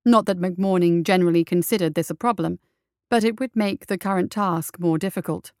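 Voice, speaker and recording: Woman with a smooth, clear voice. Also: on the low side, brisk, a little mellow, no echo, studio quality. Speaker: audiobook narrator. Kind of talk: scripted narration.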